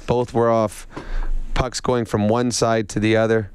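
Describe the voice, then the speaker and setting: A man analyzing hockey on a sports talk radio show, explaining his points in a measured way. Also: lowish voice, flat delivery, clear, resonant tone.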